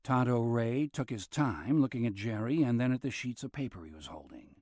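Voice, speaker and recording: A man narrating a thriller audiobook, shifting his pitch as he voices different characters. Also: expressive, normal speed, darkish tone, no room sound, clean studio sound. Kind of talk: scripted narration.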